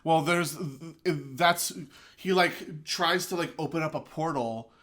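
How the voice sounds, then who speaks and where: A woman's voice: low-pitched, takes it slowly, fairly bright tone. A woman co-hosting a podcast, chatting casually about a movie, blunt and swearing, laughing often. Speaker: podcast co-host.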